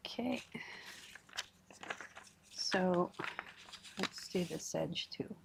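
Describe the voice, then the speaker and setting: A woman at a middle pitch talks casually through a crafting session, half to her viewers and half to herself as she works. Her remarks come in short, offhand bursts. A faint hiss of noise sits under the voice. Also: unhurried, creaky, pauses often. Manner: chatty, talks to herself while working. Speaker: crafting livestream host. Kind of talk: casual crafting livestream chat.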